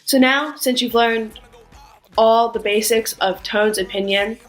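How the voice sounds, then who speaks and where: A woman giving a scripted language lesson, speaking carefully and acting out sounds with exaggerated pitch swings. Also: soft background music, poor audio. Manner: slow, careful, demonstrates tones with exaggerated pitch. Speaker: language teacher.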